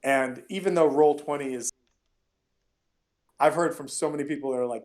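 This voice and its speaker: A man's voice: a little high, normal speed, a little mellow. A man narrating as game master of a tabletop game, chatty and rambling with many fillers.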